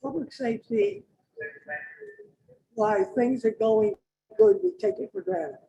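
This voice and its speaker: A man's voice: extremely high pitch, sing-song, takes it slowly, creaky, dull audio, a crowd in the background. A man speaking up at a public hearing, blunt and plainspoken. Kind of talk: public comment.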